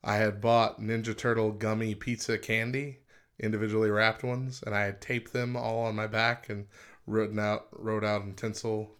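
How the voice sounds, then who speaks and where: A man's voice: fairly low pitch, flat delivery, normal speed, fairly bright tone, smooth. A man co-hosting a casual podcast chat, laughing often and reading passages aloud. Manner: chatty, laughs often, reads quotes aloud. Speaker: podcast co-host.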